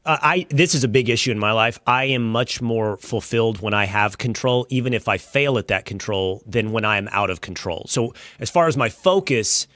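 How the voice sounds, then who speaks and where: A man hosting an interview show, talking in a halting way with many restarts. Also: fairly low pitch, a bit bright, no room sound. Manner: halting, lots of restarts and fillers. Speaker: host. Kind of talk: interview conversation.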